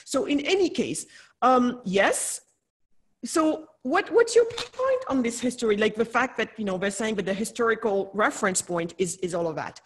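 Woman, from Africa, co-host, higher-pitched, emphatic, repeats words, casual video-call chat. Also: very animated, normal speed, a little hiss or hum. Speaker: podcast co-host. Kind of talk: casual conversation.

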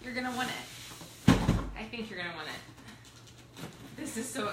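A woman hosting a live unboxing from her home, bubbly and excited, greeting viewers by name. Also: medium pitch, fast talker, long pauses. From Ohio, US. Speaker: product review livestream host. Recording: echoey room with background noise.

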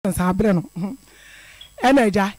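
A man's voice: sits high, normal speed, a little mellow, no room sound. A middle-aged man calling in to a radio show, telling a personal story in an earnest, repetitive way. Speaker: caller.

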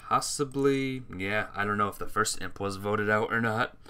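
A man's voice: fairly low pitch, normal speed, bright, forceful tone, clean tone. A man streaming a game with laid-back, chatty commentary, talking to his chat and teammates while yawning and sleepy. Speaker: gaming streamer.

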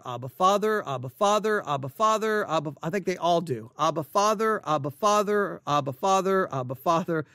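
A man's voice: high voice, a bit bright, dry recording, studio quality. A man teaching a casual Bible word study, thinking aloud and repeating words as he reads verses and notes.

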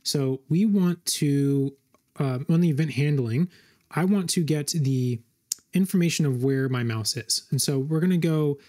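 A man hosting a coding tutorial, thinking aloud as he types, with frequent fillers and quick self-corrections. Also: on the high side, dark tone. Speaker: web design tutorial host. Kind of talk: screen-recorded coding walkthrough.

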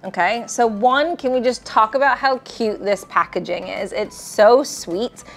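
A woman's voice: a little high, a little slow, vocal fry, faint music behind. A woman presenting gift products, bubbly and gushing over how cute and delicious everything is. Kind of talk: enthusiastic product showcase.

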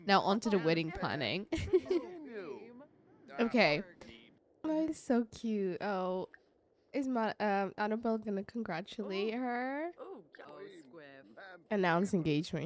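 Bubbly woman gushing over gameplay. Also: mid-range voice. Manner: gushing and chatty, giggles often. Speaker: let's play creator. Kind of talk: casual gameplay commentary.

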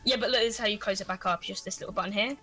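A woman's voice: mid-range voice, racing, over loud music. A woman with an Irish accent, hosting a casual gameplay chat and rambling along with lots of fillers and restarts. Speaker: gaming channel host.

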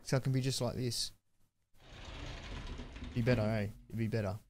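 A young man chatting through a live-streamed game, excitable and prone to yelling thanks at viewers. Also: medium pitch, moderate pace, slight background noise. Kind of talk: live-stream gameplay commentary.

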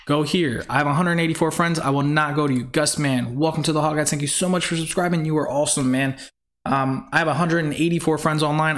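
A man's voice: a little high, a bit bright, a little hiss or hum. Chatty young man streaming a racing game. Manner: talkative, greets chat viewers by name; firm, repeats himself. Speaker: live-stream gamer. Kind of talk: casual live-stream chat.

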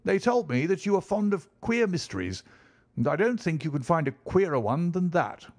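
A man voicing a nervous, ruddy country gentleman who pleads urgently about a worrying mystery. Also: sits high, sing-song, moderate pace, voice pushed up. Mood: anxious.

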